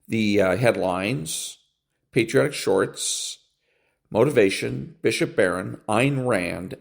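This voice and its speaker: Gravelly low-voiced male podcast host. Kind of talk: casual podcast intro.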